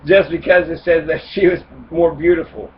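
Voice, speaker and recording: A podcast host with a slightly high voice, fairly even intonation and a moderate pace retells a fairy tale for comedy. He rambles with fillers, swears and cracks jokes, recorded on a distant mic with dull lo-fi sound and faint noise.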